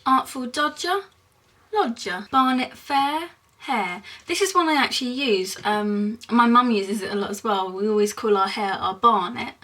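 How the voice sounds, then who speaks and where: A young woman from Essex with an Essex accent, chatting casually in a rambling vlog, giggling often and filling pauses with lots of ums. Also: on the high side, lively intonation, pushed and bright, recorded from a distance. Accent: Essex English. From England (Essex).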